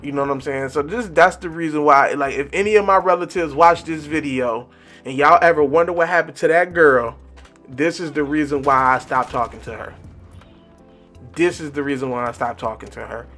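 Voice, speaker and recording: A young man telling a casual, profane storytime, animated and repeating lines for effect. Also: on the high side, normal speed, soft background music. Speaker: vlogger.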